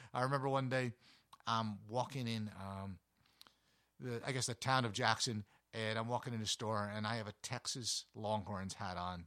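Man, casual travel storyteller, rambling and anecdotal, dry close sound, mid pitch. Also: a bit bright, dry recording. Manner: rambling, anecdotal, with many fillers and restarts. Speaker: travel vlogger.

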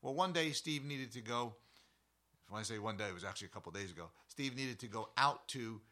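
A man who hosts an outdoor show, telling a story in a casual, animated, rambling way full of side remarks. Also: medium pitch, a little fast.

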